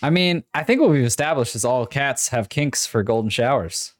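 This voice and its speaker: A man co-hosting a podcast, tossing in quick joking reactions. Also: medium pitch, animated. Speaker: podcast co-host. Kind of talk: casual chat.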